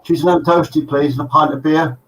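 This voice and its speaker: A man's voice: a little high, steady tone, a little fast, fairly bright tone, voice pushed up, close to an everyday voice. A man voicing a male rabbit ordering at a pub while telling a joke, speaking in his own slightly raised voice, heard from a distant mic. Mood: polite, fretful.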